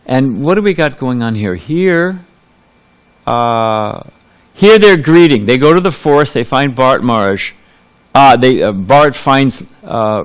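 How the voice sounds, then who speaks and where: A man delivers a sermon in a temple hall, with a voice of ordinary middle pitch. He talks casually and loosely, with frequent restarts and side remarks as he tells a story to his listeners. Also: smooth. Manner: conversational, rambling with asides and restarts. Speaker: preacher.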